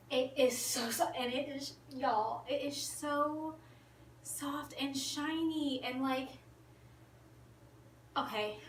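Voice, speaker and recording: A woman's voice: on the high side, distant mic, slight background noise. Gushing woman in an echoey room. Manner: gushing, animated, drops to whispers. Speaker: beauty vlogger. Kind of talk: excited casual vlog chat.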